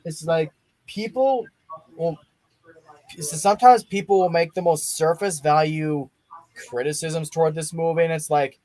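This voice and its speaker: Young man, casual movie chat, rambling and eager, somewhat high pitch, dry close sound. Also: unhurried, a little mellow, no room sound. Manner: rambling, restarts often, enthusiastic. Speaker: podcast host. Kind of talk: casual watch-along chat.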